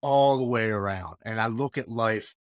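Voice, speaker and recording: A man's voice: on the low side, normal speed, no room sound, clean studio sound. A man in his forties, from the United States, telling his story as a podcast guest in an earnest, heartfelt and reflective way. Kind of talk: candid interview conversation.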